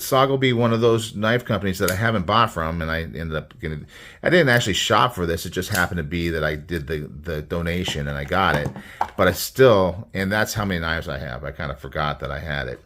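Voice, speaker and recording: Low-voiced man rambling about a knife. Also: a bit bright. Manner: rambling, easygoing, enthusiastic. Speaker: knife reviewer. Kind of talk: casual product review.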